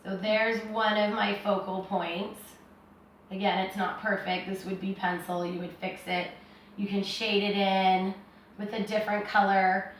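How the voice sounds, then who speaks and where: A woman giving a step-by-step drawing lesson, talking in a relaxed, reassuring way as she draws and thinks aloud. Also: mid-range voice, far from the mic, a little hiss or hum. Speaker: art teacher. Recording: very echoey room, voice from off-mic.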